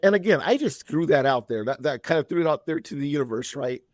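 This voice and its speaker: A man's voice: fairly high pitch, animated, fast talker, darkish tone, dry recording, clean studio sound. A man in his fifties, a podcast guest, telling a long personal story in a chatty, rambling way with frequent restarts. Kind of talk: casual storytelling.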